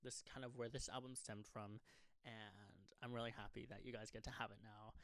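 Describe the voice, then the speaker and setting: A man's voice: lowish voice, steady tone, brisk, fairly bright tone, no room sound. A young man, a pop singer-songwriter, talking casually and at length to his fans, rambling and swearing with sarcastic asides. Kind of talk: casual unscripted monologue to fans.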